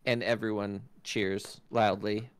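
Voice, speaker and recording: A man narrating as game master of a tabletop game, telling the story in an animated way and voicing sound effects aloud. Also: lowish voice, slow, clean tone, dry recording.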